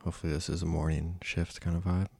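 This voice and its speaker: Young male podcaster, deep voice, rambling and self-mocking, crude. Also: level tone, fast, creaky, a little mellow, dry recording. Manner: rambling and self-deprecating, swears often. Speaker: podcast host. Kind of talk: casual solo podcast monologue.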